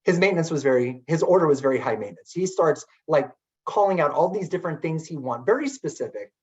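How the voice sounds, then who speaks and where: A middle-aged man telling a story in a webinar talk as keynote speaker, chatty and animated with many filler words. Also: a little high, quick pace. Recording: dull lo-fi webinar audio.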